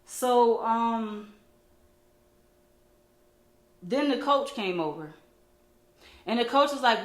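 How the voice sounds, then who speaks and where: A woman, a single mom, telling a story to camera in a blunt, animated way. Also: fairly high pitch, normal speed. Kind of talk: casual storytime monologue. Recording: echoey room.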